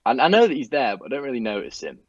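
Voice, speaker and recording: A man's voice: medium pitch, big pitch swings, racing. A young man telling a work story in a casual, rambling way, full of fillers and swearing. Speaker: police staff guest. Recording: dull lo-fi mic.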